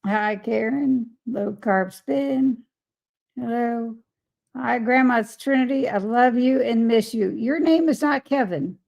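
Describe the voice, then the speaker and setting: Slow, gravelly woman hosting a live chat. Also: fairly high pitch, a little mellow, muffled recording. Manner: greets viewers by name and reads chat comments aloud, laughing often. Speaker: live stream host.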